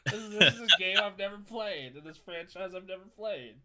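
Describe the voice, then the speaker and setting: A man co-hosting a casual gaming podcast, telling stories with animated energy, laughing and swearing freely. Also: high voice, a little fast. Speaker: podcast co-host and streamer.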